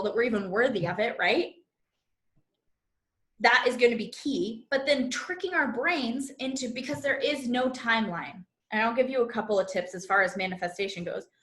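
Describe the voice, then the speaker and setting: Woman coach, raised pitch, bubbly and talkative, video call audio with roomy echo. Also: a bit bright. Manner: bubbly and chatty, acting out quoted inner voices. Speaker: manifestation and human design coach. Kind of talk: live online masterclass teaching.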